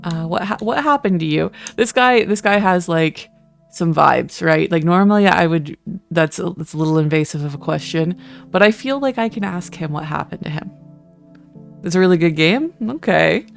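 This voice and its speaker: A streamer with a Canadian accent chats casually during a let's-play, commentating and reading while joking, swearing and mocking himself. The voice is medium-pitched with vocal fry at a moderate pace, and soft music plays behind.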